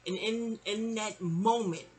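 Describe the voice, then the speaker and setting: A middle-aged woman from New York telling a long personal story in a chatty, animated way, slipping into other people's voices. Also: mid-range voice, slow. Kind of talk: casual storytime monologue.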